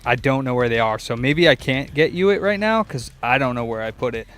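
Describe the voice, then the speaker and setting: Young dude in his repair shop swearing a lot, talking to chat while he digs around, bit of music low in the back. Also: expressive, brisk, a bit bright. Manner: profane, rambling, talks to himself and chat. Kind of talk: casual livestream chat while working.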